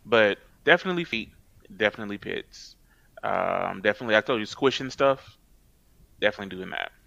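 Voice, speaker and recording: A man's voice: on the low side, animated, a little fast, vocal fry, fairly bright tone, no room sound, dull audio. A man co-hosting a podcast, chatting casually and telling stories in a blunt, profane way. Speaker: podcast co-host. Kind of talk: casual chat.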